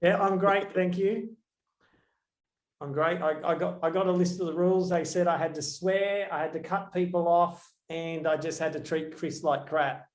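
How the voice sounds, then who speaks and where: Male guest, a bit high, hesitant and jokey, echoey room with faint hiss. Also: fairly even intonation, normal speed. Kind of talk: casual chat.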